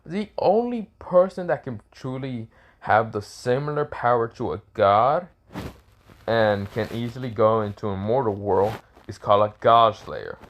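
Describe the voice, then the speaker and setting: A man's voice: mid-range voice, lively intonation, measured pace, slight background noise. A man doing careless, amused gods.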